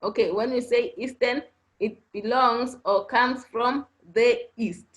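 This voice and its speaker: Slow, patient woman teacher. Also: a little high, fairly even intonation, low-quality recording. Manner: patient, repeats points, checks answers with "okay?". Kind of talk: online class lesson. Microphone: online video class audio.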